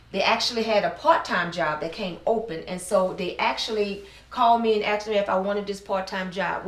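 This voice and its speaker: A middle-aged woman from New Orleans, telling her personal story in an earnest, heartfelt interview. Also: medium pitch. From New Orleans, USA. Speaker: business owner interviewee. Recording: roomy sound, mic at a distance.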